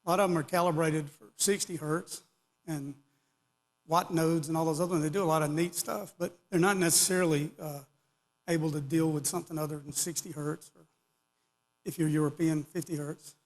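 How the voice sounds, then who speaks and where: A middle-aged or older man gives a rambling, casual technical talk at a conference, tossing in joking asides. His slightly high voice is brisk with fairly even intonation, and long hall reverb surrounds it.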